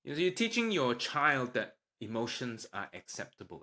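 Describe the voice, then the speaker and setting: A man hosting a solo parenting podcast, calmly explaining tips and acting out sample lines a parent might say. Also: mid-range voice, moderate pace, hardly any pauses. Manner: calm, explanatory, acts out parent lines with a livelier voice. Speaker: podcast host, parenting doctor.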